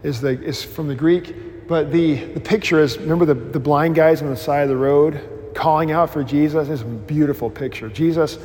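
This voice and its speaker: Male pastor, informal class teacher, restless restarts, animated storyteller, slightly high voice. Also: normal speed, long reverb tail. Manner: self-deprecating humor.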